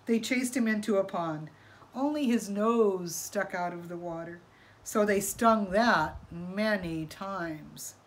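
Storyteller, woman, expressive picture-book reading, slow and unhurried. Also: mid-range voice. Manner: expressive, asking listeners questions.

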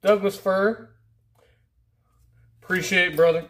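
A man's voice: moderate pace, gravelly, long pauses. Rambling, easygoing man opening mail. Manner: rambling, easygoing, often trailing into low mutters. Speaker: YouTube channel host. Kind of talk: casual mail-call vlog. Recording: faint background noise.

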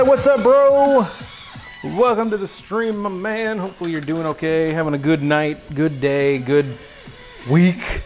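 A man streaming a casual cooking lesson from his home kitchen, rambling and joking with his chat. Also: medium pitch. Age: adult. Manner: rambling, jokey, talks to chat.

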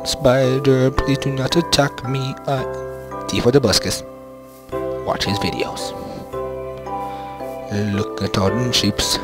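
A young man talks through a game on a headset mic, slowly and at an easy mid pitch. He rambles to himself and slips into playful sing-song bits. Game music plays clearly underneath him. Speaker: gameplay commentator. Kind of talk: casual let's-play commentary.

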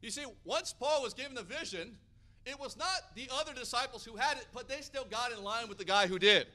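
Bright-voiced, energetic American preacher man. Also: extremely high pitch, fairly quick. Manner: energetic, rising to loud emphatic peaks. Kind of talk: sermon.

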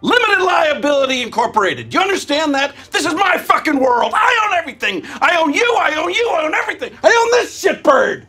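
A man's voice: medium pitch, sing-song, normal speed, a bit bright, faint music behind. An actor playing a domineering, profane male prison owner who talks with menacing swagger.

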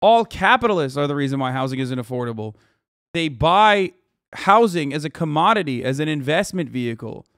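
A man in his thirties commenting on a video during a live stream, ranting in rapid, profane, incredulous bursts. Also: a little high, fairly bright tone, dry recording, studio quality.

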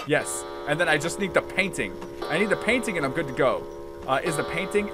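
A young man giving let's play commentary, swinging from muttering to himself to excited yelling. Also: on the high side, fairly quick, music in the background. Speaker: gaming YouTuber.

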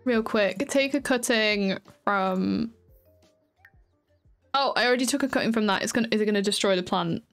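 A woman's voice: mid-range voice, normal speed, faint music behind. A tired woman with a chatty, giggly, rambling manner, casually commenting on her gameplay as a streamer.

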